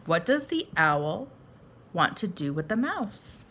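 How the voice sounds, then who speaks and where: A woman teacher reads a picture book aloud to young children, stopping to ask them questions. Her voice is bright and swings lively in pitch at an unhurried pace. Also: slight background noise. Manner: friendly questions to young listeners. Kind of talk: children's story read-aloud lesson.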